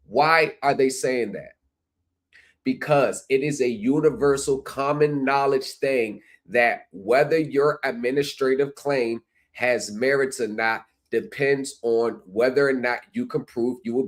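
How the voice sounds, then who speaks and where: Hosting a livestream of commentary, a man with a mid-range voice speaks at a measured pace. He lectures his viewers, leaning on repeated rhetorical phrases.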